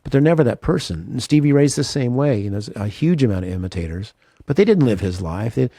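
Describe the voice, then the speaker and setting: A man's voice: mid-range voice, expressive, fast talker, mellow, no room sound, studio quality. A man, a guitarist guest in an interview, talking earnestly and self-deprecatingly with lots of restarts. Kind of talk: reflective interview talk.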